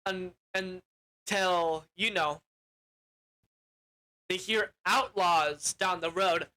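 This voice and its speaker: A reviewer rambles through a plot summary, stumbling and correcting themselves as they go and swearing offhandedly. The voice is bright and clear at a middle pitch. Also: very slow, rough recording. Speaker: film reviewer. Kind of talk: casual plot recap.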